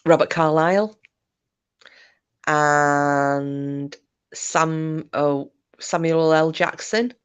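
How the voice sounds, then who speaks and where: Female streamer with a low voice, casual rambling host. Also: steady tone, very slow, pauses often, clean tone. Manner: chatty, rambling, chuckling asides. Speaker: livestream host. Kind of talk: casual chat reading viewer comments.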